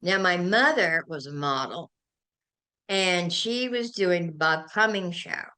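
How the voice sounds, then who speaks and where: An older woman, a guest on a talk show, telling animated and emotional stories. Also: lowish voice, slow pace, clean tone. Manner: animated, emotional storyteller who gets carried away. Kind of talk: anecdotal storytelling in a chat.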